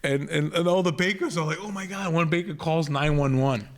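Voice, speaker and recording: Rambling storyteller with a Rhode Island accent. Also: male voice, fairly high pitch, brisk. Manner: rambling, animated storyteller acting out quoted voices. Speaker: podcast co-host, comedian. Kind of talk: storytelling in casual chat.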